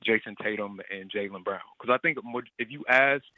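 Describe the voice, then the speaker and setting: A man's voice: lowish voice, a little fast, dry recording. A man from Texas calling in to a show, stammering and hesitant as he makes his points. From Texas, United States. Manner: hesitant, stammering, repeats words. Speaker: caller. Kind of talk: call-in debate. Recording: tinny phone line.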